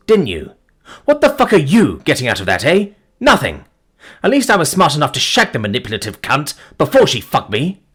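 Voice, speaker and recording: A man's voice: medium pitch, fairly bright tone, husky, voice pushed up. A man voicing an angry, bitter young man who swears and sneers sarcastically.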